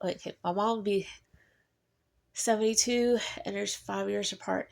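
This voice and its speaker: Lady in her 40s just venting on her vlog, rambly, laughs a lot, mid-pitched voice. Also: steady tone, unhurried, creaky, darkish tone. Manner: rambling, chatty, laughs between thoughts. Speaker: vlogger. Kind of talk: casual personal monologue.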